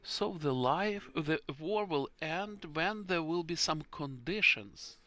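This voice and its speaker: A man speaks as a panelist, earnest and openly emotional. He takes his time, pausing to find each English word. His voice sits a little high and sounds bright and forceful. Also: expressive. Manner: halting, earnest, emotional, searching for English words. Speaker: forum panelist. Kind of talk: panel discussion answer.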